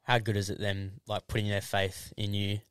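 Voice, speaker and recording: Co-host, lowish smooth voice, laid-back, swears casually, dry room. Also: male voice, flat delivery, moderate pace, fairly bright tone, no echo. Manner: short encouraging interjections, casual swearing. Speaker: podcast co-host. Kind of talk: casual interview chat.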